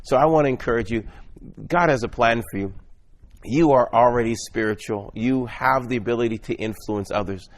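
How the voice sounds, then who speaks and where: A man's voice: medium pitch, moderate pace. A man delivering an earnest, exhorting motivational sermon, often repeating and restarting his words as he speaks.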